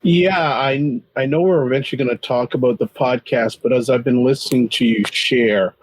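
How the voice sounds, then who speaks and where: A man co-hosting a podcast, asking his guest questions in a measured, slightly halting way. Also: mid-range voice, breathy edge, rough recording. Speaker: podcast co-host. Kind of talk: interview questions.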